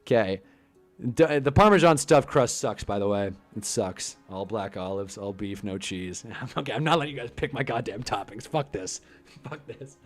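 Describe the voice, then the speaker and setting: A man's voice: on the low side, animated, normal speed, soft background music. Frustrated young man ranting on stream. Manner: frustrated, swearing, swings into loud outbursts. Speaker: live stream host. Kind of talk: casual live-stream rant.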